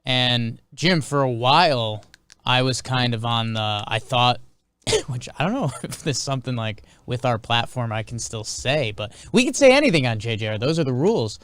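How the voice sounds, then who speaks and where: A man's voice: medium pitch, very animated, moderate pace, fairly bright tone, smooth, dry recording. A man co-hosting a casual podcast chat, telling stories in a rambling way with many restarts. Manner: rambling storyteller, lots of "like" and restarts. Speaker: podcast co-host.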